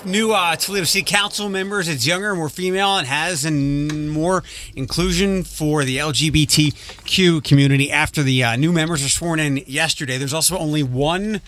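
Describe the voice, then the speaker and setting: A man's voice: a little high, fairly even intonation, normal speed, a bit bright, a little hiss or hum. A man hosting a morning radio show, bantering with co-hosts and reading local news in an upbeat way.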